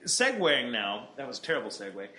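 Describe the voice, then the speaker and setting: A man's voice: mid-range voice, big pitch swings, a little fast. A man, a voice actor co-hosting a casual podcast chat, talking reflectively and rambling with many restarts. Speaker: voice actor and co-host. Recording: roomy echo, faint background noise.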